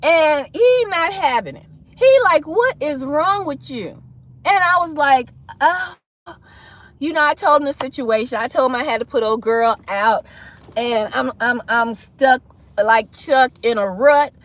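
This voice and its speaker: A woman's voice: sits high, moderate pace. A woman hosting a casual livestream, telling a personal story with dramatic flair and acting out the people in it. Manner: animated, dramatic, acts out voices in her story. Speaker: livestream host.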